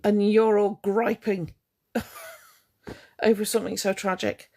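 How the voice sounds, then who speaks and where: A woman's voice: medium pitch, little pitch movement, measured pace, dark tone. A woman, ranting sarcastically to her livestream chat and greeting viewers as she goes. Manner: cross, sarcastic, blunt. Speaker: livestream host.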